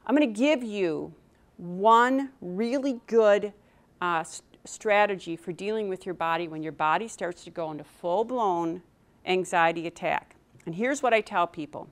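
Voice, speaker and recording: Speaking a little slowly in a medium pitch, a middle-aged woman energetically addresses a live crowd about public speaking. She poses questions to the audience and performs the anxious voices in a speaker's head.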